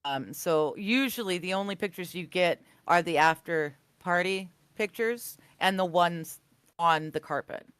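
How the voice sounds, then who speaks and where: High-voiced laid-back male co-host. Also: measured pace, fairly bright tone, smooth, dry recording. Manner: laid-back, brief interjections, laughs easily. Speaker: livestream co-host. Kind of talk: casual chat.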